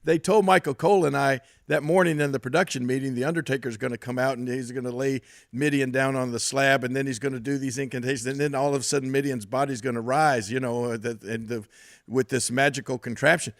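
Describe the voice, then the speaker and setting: An older man with a Memphis Southern accent who hosts a podcast and tells stories in an animated way, chuckling often. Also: mid-range voice, fast talker, dry recording, clean studio sound. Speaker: podcast host. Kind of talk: casual chat and storytelling.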